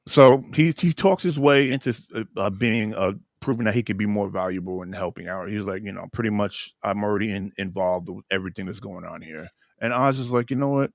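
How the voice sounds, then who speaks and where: A man's voice: on the low side, fairly quick, creaky, few pauses, no echo, studio quality. A man co-hosting a podcast, recapping a TV episode in casual, rambling chat full of restarts. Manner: rambling, many restarts and fillers. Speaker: podcast co-host.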